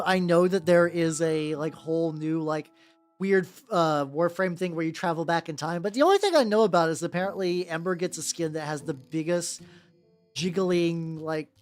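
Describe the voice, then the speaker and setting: Rambling, animated streamer voice. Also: mid-range voice. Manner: rambling, heavy on fillers, swears freely. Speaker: streamer painting miniatures. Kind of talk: casual live-stream chat. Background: faint background music.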